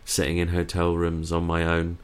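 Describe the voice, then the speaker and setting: Low-voiced dry young musician. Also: male voice, completely flat delivery, normal speed, clean tone. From Brighton, England. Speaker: musician guest. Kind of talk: casual interview chat.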